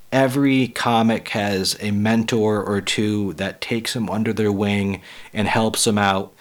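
A man hosting a solo podcast, blunt and profane, with a raspy voice as he gets over the flu. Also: on the low side. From Western Massachusetts. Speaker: podcast host and comedian. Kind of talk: casual solo podcast talk.

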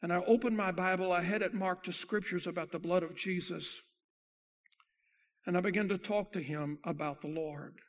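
A man preaching a sermon as pastor, telling a story dramatically and swinging from loud to hushed. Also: high voice, steady tone, moderate pace.

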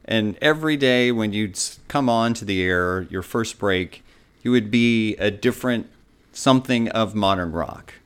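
A radio host with a lowish voice, talking casually with an old colleague. He asks his questions in a relaxed, teasing way. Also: a little slow, clear, resonant tone. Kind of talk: casual interview chat.

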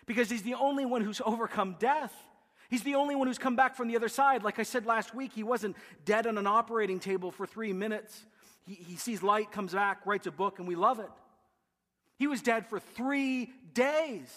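A man preaching a sermon as pastor, emphatic, building rhythmic lists with quick asides. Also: high-pitched, a bit bright. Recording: long reverb of a large hall.

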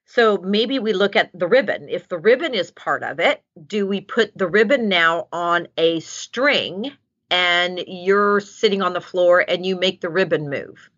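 A woman dog trainer giving casual, animated advice and acting out what a dog might say. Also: fairly low pitch, unhurried. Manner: animated, acts out dog voices. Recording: dull lo-fi sound.

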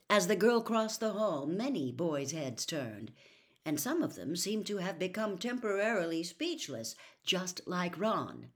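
Woman storyteller, unhurried and expressive, lowish voice. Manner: slow, expressive read-aloud. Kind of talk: audiobook narration.

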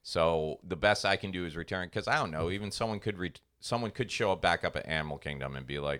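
Deep-voiced, bright-toned male podcast host. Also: quick pace, hardly any pauses. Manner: animated storyteller, acts out voices in anecdotes. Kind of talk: casual chat, storytelling.

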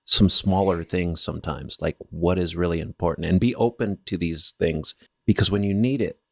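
Deep voiced guy on a podcast, calm and philosophical, dry close sound. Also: normal speed, gravelly, dry recording. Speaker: podcast co-host. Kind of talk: casual podcast chat.

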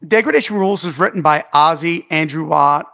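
A man co-hosting a podcast in casual, profane chat, his voice going hoarse. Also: on the high side, brisk, sharp tone, no echo, highs cut off. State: losing his voice. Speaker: podcast co-host.

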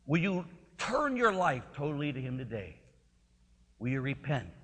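A man preaching a sermon in a lively, swooping voice. He is conversational and emphatic, with a bright, forceful tone. His voice rings with a long church reverb. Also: medium pitch, moderate pace, slightly rough.

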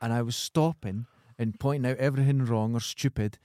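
A man's voice: mid-range voice, a little fast, warm tone, dry recording. A Scottish man co-hosting a podcast, chatting casually with dry, sarcastic jokes. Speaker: podcast co-host. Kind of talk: casual chat.

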